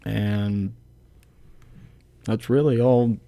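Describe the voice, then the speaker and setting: A young man in his twenties speaks at an unhurried, drawn-out pace, relaxed and plainspoken. He is a college kicker chatting casually as a podcast guest, leaning on fillers as he thinks aloud. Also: fairly low pitch, creaky. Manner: laid-back, plainspoken, many fillers.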